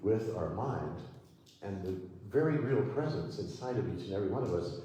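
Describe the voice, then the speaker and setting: A man with a lowish voice delivers a gentle, unhurried sermon, pausing often as he leads his listeners through affirmations. He is picked up from a distance in a large, echoing hall, with faint room ambience behind him. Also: animated, noisy background. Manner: slow, gentle, pausing preacher leading affirmations. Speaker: speaker at a spiritual center. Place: church hall. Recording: echoey hall, mic from far off.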